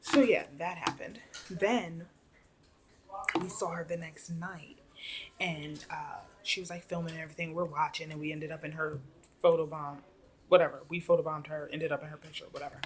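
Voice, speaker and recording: A woman's voice: sits low, level tone, moderate pace, background noise. A woman vlogger telling a story to her camera in a chatty, rambling way, full of fillers. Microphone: device camera.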